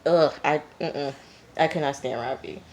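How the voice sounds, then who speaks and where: Brief: lower-voiced woman, casual reviewer, blunt and chatty, filler-heavy. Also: unhurried. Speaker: TV review vlogger. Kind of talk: casual episode recap.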